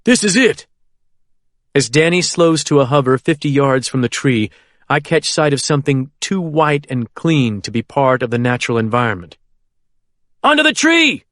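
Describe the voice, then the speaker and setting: A man narrating a first-person thriller audiobook in a steady, measured way. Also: mid-range voice, dry recording, studio quality.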